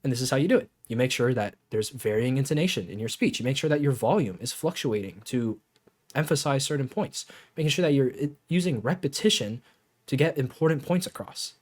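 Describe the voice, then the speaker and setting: A man's voice: mid-range voice, expressive, brisk. A man coaching in a casual talk over gameplay footage, laid-back, chuckling often and swearing now and then. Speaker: game coach.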